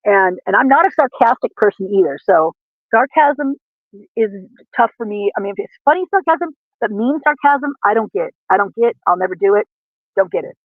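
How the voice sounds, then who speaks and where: A man's voice: high voice, animated, fairly quick, dry recording. A man in casual chat as a livestream guest, talking earnestly in a rambling, self-correcting way. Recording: tinny dry call audio.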